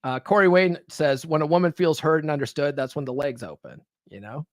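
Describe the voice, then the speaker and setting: Casual chatty man, higher voice, dry sound. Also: brisk, no room sound. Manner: loose, repetitive, peppered with "right?". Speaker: podcast host. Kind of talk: casual live-stream monologue. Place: home with dogs nearby.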